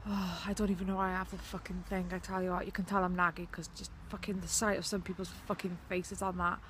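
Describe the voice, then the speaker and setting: A woman's voice: fairly low pitch, slight background noise. A woman with a Welsh accent, ranting to camera in a vlog, swearing heavily, blunt and sarcastic. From Wales. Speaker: vlogger. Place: outside her house.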